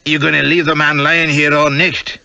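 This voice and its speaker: A gruff red-bearded sailor with a broad Scottish accent, put on by a male reader, blunt and loud. The voice is bright and forceful, recorded dry and close. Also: a little high, little pitch movement, normal speed, dry recording, voice pushed up, heavily acted. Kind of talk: audiobook character voice.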